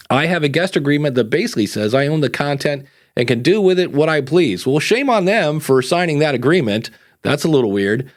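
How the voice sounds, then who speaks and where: A middle-aged man hosting a podcast, ranting with sarcastic, animated asides about beginners. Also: fairly high pitch. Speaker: podcast coach and host. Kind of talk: casual podcast chat.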